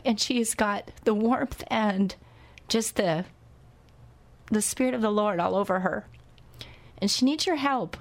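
A woman hosting a radio talk show, interviewing a guest and making earnest, urgent appeals to listeners. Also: a little high.

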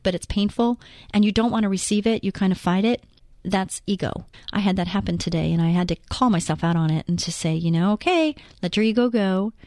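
A woman's voice: medium pitch, darkish tone, dry recording, studio quality. Earnest woman reading scripture aloud. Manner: earnest, conversational, asks listeners questions. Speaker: Bible teacher. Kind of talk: devotional Bible reading and teaching.

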